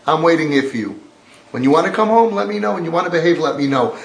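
A man's voice: on the high side, animated, quick pace, creaky, distant mic. A man voicing a stern, dismissive father laying down the house rules. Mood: taunting. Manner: taunting, dismissive. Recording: roomy echo.

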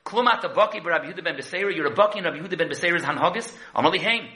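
Male Talmud teacher, rapid sing-song delivery, high voice. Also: rough recording. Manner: quick, lively chanting between Hebrew-Aramaic quotes and English. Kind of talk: Talmud lecture.

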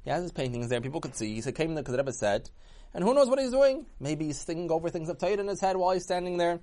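Animated male storyteller, fairly high voice. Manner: animated, swooping pitch, talky. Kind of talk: casual oral storytelling.

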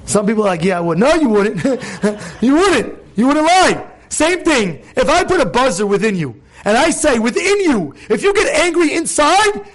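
Rabbi, male, high-pitched, emphatic sermon delivery, lots of rhetorical questions. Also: sing-song, moderate pace, few pauses.

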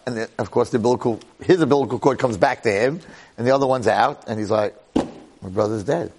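A man giving an animated storytelling Torah lecture, repeating phrases and checking in with the listeners. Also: medium pitch, fast talker.

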